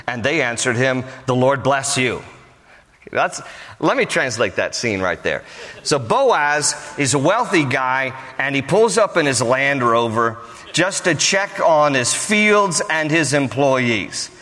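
A man's voice: medium pitch, very animated, takes it slowly, bright, forceful tone. A man preaching a sermon, joking conversationally and telling the story with plenty of animation. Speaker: pastor. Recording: hall reverb.

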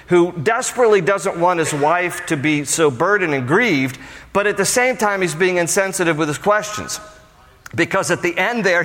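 A man preaches to his congregation with animated energy, breaking into playful asides. His voice sits a little high, and it carries through the long reverb of a church hall. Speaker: pastor. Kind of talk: sermon.

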